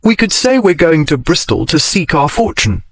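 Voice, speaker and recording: A man's voice: fairly high pitch, big pitch swings, normal speed, no echo. A man reading a storybook voices a proud, earnest well-born boy with an upper-class way of speaking.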